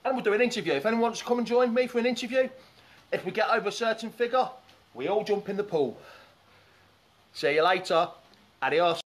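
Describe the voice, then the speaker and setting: A man with a slightly high voice hosts a relaxed live stream from beside a pool in the open air. He talks in a loose, chatty way, reading out viewers' comments and greeting them as he goes. The sound comes from a camera or phone set up poolside. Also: fairly quick, long pauses. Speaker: fan show host. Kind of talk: casual live-stream chat. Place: outdoors beside a swimming pool in the sun.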